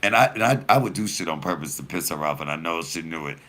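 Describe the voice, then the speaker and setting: A man's voice: extremely low pitch, fast. A man, a comedian, telling profane stories casually and straight to his viewers with a laugh in his voice. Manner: animated, profane, laughing storyteller; addresses viewers directly.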